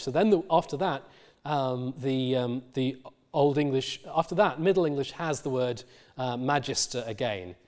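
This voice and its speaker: Lecturing man, slightly high voice, um-filled. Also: a little mellow. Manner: explanatory, many fillers and restarts. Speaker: university lecturer. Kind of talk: recorded lecture.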